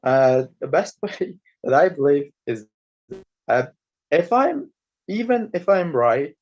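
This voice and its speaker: A man's voice: a little high, sing-song, takes it slowly, dull audio. A man in an English conversation class, speaking hesitantly with many fillers as he sums up a discussion and gives his own view.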